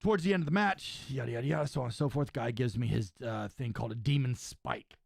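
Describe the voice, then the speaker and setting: A man's voice: medium pitch, quick pace, vocal fry, no echo, clean studio sound. A young man, a podcast host who wrestles, telling a story in casual chat with lots of "right?" and "dude.". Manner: animated storyteller, says "right?" and "dude" often.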